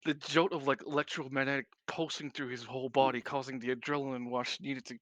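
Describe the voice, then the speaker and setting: A young man playing a tabletop game, casual and swearing, narrating his own character in quick bursts. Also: medium pitch, steady tone, fairly bright tone, no echo. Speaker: player.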